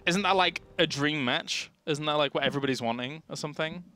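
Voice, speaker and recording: A man's voice: fairly high pitch, fast talker, pushed and bright. A young man from England with a southern English accent, commentating a live esports match with chatty, joking banter. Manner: chatty, jokey, laughs often.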